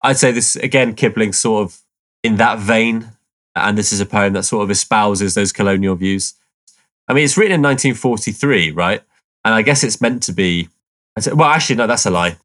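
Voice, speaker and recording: A man's voice: lowish voice, a little fast, fairly bright tone. A man co-hosting a podcast, easygoing, explaining and reading out background notes. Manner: easygoing, explains and laughs along. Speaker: podcast co-host.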